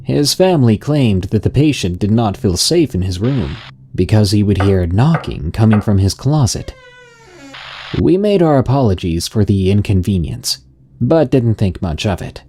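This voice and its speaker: A man narrating a scary story in a slow, even, scripted storytelling delivery. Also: on the low side, a little hiss or hum.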